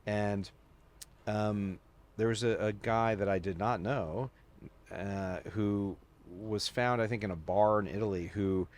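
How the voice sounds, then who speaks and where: A man with a lowish, unhurried voice, appearing as a podcast guest. He spins long stories in relaxed conversation, packing them with "like" fillers and quoted voices, and tells them in an animated way.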